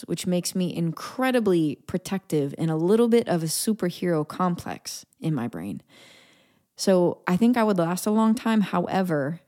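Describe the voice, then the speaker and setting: Low-voiced woman chatting playfully. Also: warm tone. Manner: playful, laughs often, drops into whispers for asides. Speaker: podcast host. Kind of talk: casual solo podcast chat.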